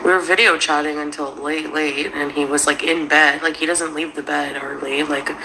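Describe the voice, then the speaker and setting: A woman's voice: sits low, fairly even intonation, moderate pace, vocal fry, background noise. A woman calling into a stream, talking in a nervous, rambling way and often cutting herself off. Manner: nervous, rambling, self-interrupting. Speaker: guest caller. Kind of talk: casual chat.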